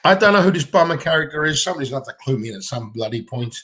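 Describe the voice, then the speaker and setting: A man's voice: fairly high pitch, animated, rapid-fire, fairly bright tone, breathy edge. A man with a Gibraltarian accent, chatting bluntly and casually on a livestream Q&A from home, swearing freely. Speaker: livestream co-host.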